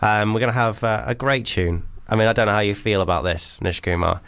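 A man's voice: on the low side, fairly quick, fairly bright tone, smooth. Rambling, giggly male radio host. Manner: rambling, giggly, stumbles over words. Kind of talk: casual radio banter.

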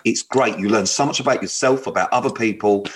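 A man's voice: on the low side, brisk. A man co-hosting a radio dating show, chatting loosely, swearing freely and bantering with his co-host. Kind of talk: casual chat.

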